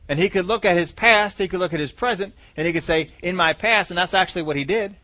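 A man preaching with a high, ringing voice, recorded dry and close. He presses his points by repeating them and acting out the voices of doubters. Scripture quotes land with slow, heavy emphasis. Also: bright, forceful tone, no room sound. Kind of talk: sermon.

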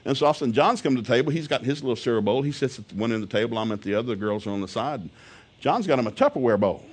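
Man, older, preacher, humorous sermon, folksy storytelling, low asides and loud bursts. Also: animated, racing, slightly rough.

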